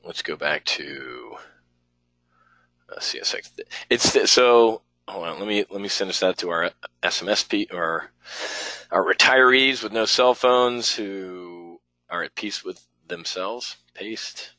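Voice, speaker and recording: A man with a fairly low, forceful voice teaches options trading in a live webinar, thinking aloud as he goes. His manner is blunt, rambling and sometimes profane. The sound is dry and close. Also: expressive, takes it slowly, no echo, low-quality recording.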